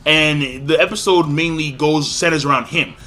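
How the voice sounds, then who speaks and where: A man giving a casual, excitable spoken review, acting out characters' lines with big jumps in pitch. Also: moderate pace. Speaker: anime reviewer.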